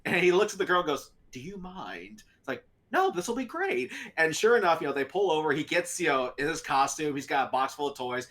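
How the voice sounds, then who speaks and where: A man's voice: on the high side, fast talker, hardly any pauses, fairly bright tone. Rambling, laughing male podcast co-host. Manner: rambling, laughing, many fillers. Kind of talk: casual storytelling chat.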